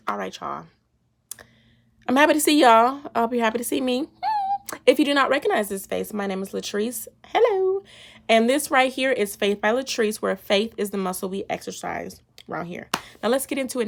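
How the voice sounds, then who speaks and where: A woman hosting her own faith vlog, talking in a lively, playful, slangy way and laughing often as she explains a Bible verse. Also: fairly high pitch, a little fast, vocal fry. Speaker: faith vlogger. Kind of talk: casual devotional talk.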